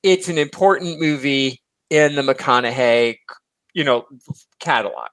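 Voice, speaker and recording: A man's voice: mid-range voice, dry recording. A man hosting a podcast, chatting casually and animatedly about films. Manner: animated, chatty, quick asides. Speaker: podcast host. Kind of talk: casual film discussion.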